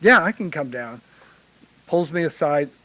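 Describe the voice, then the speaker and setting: A man with a slightly high voice tells animated anecdotes at a forum as a hospital chaplain. The sound is close and dry. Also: measured pace, dry recording, poor audio. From Illinois. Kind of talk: conference panel storytelling.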